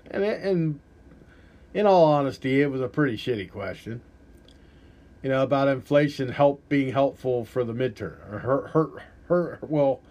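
A man's voice: mid-range voice, darkish tone. A man hosting a podcast, giving rambling, profane, blunt political commentary in a casual way. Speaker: podcast host.

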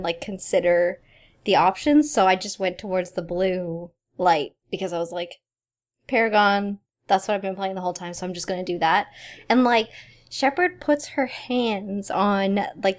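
Casual host: young woman, mid pitch, laughs often, chatty filler-heavy delivery. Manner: giggly, expressive, peppered with "like". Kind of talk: casual chat.

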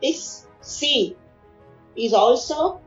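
A woman's voice: high-pitched, animated, very slow, roomy sound, highs cut off, faint music behind. A woman retelling an epic story in conversation, explaining each verse and acting out the figures' words. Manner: explains verses line by line, acts out figures' pleas.

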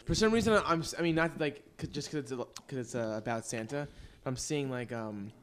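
A man's voice: mid-range voice, brisk. A man on a podcast, chatting in a laid-back, profane way with frequent restarts. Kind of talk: casual chat.

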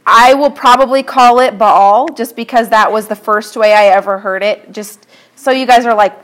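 A woman's voice: a little high, unhurried, fairly bright tone. Woman preaching, reading scripture aloud. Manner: conversational, reads scripture aloud and breaks off to comment. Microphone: clip-on mic.

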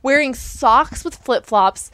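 A woman co-hosting a podcast, chatting casually and telling animated stories with frequent laughter. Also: sits high, slow, dry recording. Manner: animated storyteller, laughs often. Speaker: podcast co-host. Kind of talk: casual chat.

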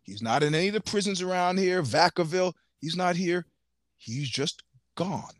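A man as a podcast guest, telling stories in casual chat, animated, laughing often and swearing freely. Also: sits high, normal speed, dry recording, studio quality.

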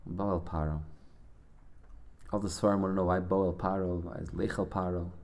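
Giving a Torah class, a man with a deep, dark, creaky voice retells a Hasidic story at a moderate pace and an even pitch. His delivery is conversational, full of restarts, with Yiddish and Hebrew words threaded through his sentences.

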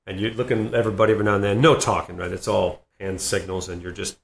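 A comedian and former Marine in his fifties, telling animated stories in an interview and laughing between lines. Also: lowish voice, racing, vocal fry, a little hiss or hum. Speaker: comedian and Marine veteran guest. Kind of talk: storytelling interview. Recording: roomy echo.

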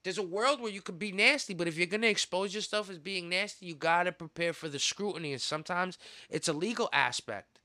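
A man hosting a podcast, ranting in a heated, profane way with sudden loud outbursts. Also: sits high, a little fast, no echo, studio quality. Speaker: podcast host. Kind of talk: casual podcast rant.

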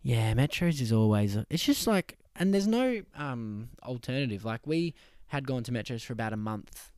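A man's voice: mid-range voice, animated, moderate pace, a little mellow, clear, resonant tone, no room sound, clean studio sound. A young man chatting as a podcast guest, easygoing and peppered with slang. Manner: easygoing, sprinkles "bro". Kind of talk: casual chat.

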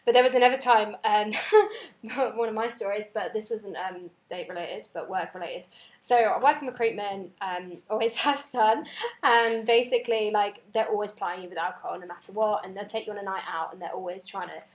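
A young woman chats on a podcast, telling stories in a relaxed, easygoing way. She laughs along as she talks. The recording sounds roomy, with noticeable echo. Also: mid-range voice, normal speed. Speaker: podcast co-host. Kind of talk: casual chat. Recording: echoey room.

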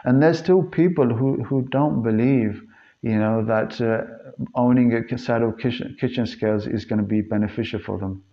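A man's voice: mid-range voice, normal speed. A man with a mid-range voice hosts a solo fitness podcast, chatting casually and earnestly to his listeners. His delivery rambles, with frequent restarts and fillers. The recording sounds slightly dull and lo-fi. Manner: earnest, addresses listeners as guys. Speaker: fitness trainer and podcast host.

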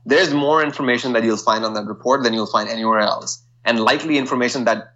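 A man who works as a management consultant, a podcast guest who talks in a measured way with many fillers. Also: medium pitch, a bit bright, muffled recording. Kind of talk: casual interview.

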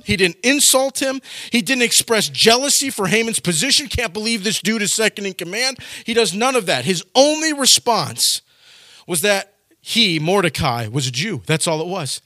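Male pastor, animated sermon delivery, higher voice, dry recording. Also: moderate pace, no room sound. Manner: animated, acts out quoted voices.

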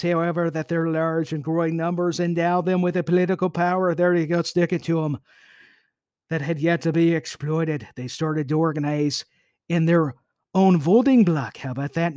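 A man's voice: on the high side, flat delivery, normal speed, a little mellow, smooth, no room sound, clean studio sound. A man hosting a podcast, reading history aloud and breaking off for playful jokey asides. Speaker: podcast host.

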